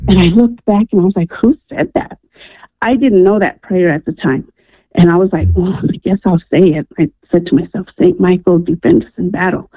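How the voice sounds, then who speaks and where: A woman from New Mexico calls in to a radio show and tells a personal story in an earnest, animated way, acting out the voices in it. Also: fairly low pitch, a little fast, breathy edge, dry recording. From New Mexico, USA. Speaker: caller. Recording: tinny phone line.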